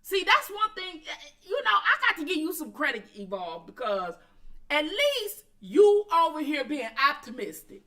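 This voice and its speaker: A woman's voice: high voice, sing-song, normal speed, pushed and bright. A woman hosting a casual commentary stream, blunt and profane, talking straight back to her chat. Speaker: commentary channel host.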